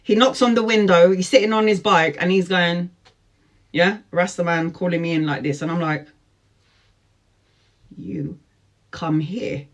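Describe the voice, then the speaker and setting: A woman in her forties telling a personal story, lively, laughing often and acting out what people said. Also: fairly low pitch, moderate pace. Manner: lively, laughs often, acts out quoted speech. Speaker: tarot vlogger. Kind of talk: storytime chat.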